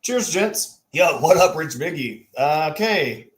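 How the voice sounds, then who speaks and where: A man's voice: a little high, expressive, measured pace. A man co-hosting a casual fishing livestream from home, greeting viewers by name in a loose, slangy way. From Texas. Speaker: podcast co-host. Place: home room.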